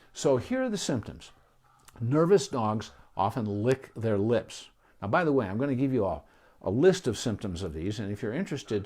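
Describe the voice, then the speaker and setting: Lively man teaching about dog behavior. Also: lowish voice. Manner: animated, with many restarts and asides; drops to a soft voice for calm praise. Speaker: veterinarian. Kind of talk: casual instructional talk to camera.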